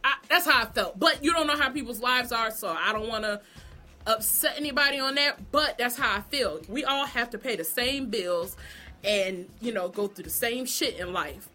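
A woman talks straight to camera in a casual, opinionated vlog monologue, cursing freely and laughing as she goes. Her voice sits a bit high and rings bright and forceful. Faint music plays underneath. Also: normal speed. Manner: blunt, profane, sassy, laughs often. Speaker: vlogger reviewing a TV show.

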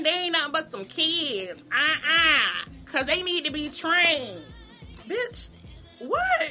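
A woman's voice: high voice, pushed and bright. A woman giving a heated, profane rant about a reality show. She swings between mock shock and indignation. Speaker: vlogger.

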